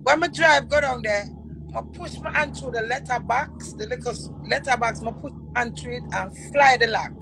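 A woman's voice: fairly high pitch, normal speed, background noise. A middle-aged woman with a Jamaican accent, telling stories in a casual chat and repeating words as she goes. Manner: animated, repeats words while telling a story.

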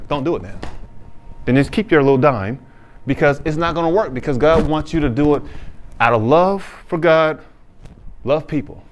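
A male pastor preaching a sermon, reading scripture slowly and then explaining it in casual, plain talk. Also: a little high, expressive, a little hiss or hum. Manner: casual informal phrasing.

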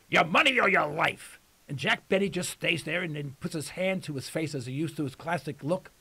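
A man's voice: high voice, vocal fry, a bit bright. A man hosting a call-in radio talk show in a folksy, emphatic way, repeating phrases for effect, his voice starting to go.

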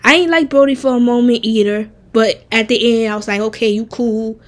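A woman streamer chatting casually and bluntly while ranking game characters, animated and profane. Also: on the high side, fairly quick. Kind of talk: casual game tier-list chat.

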